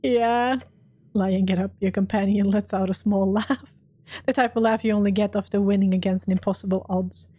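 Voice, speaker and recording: A gaming streamer with a mid-range voice reads aloud from a role-playing game at normal speed, captured in a dry recording. She reacts animatedly, letting out swears and laughs when things go badly.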